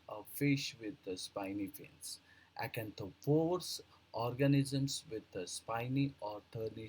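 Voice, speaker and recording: Slow, husky man teaching vocabulary. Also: medium pitch, poor audio. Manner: reads word, then definition, with fillers and self-corrections. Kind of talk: slow vocabulary lesson, reading word definitions.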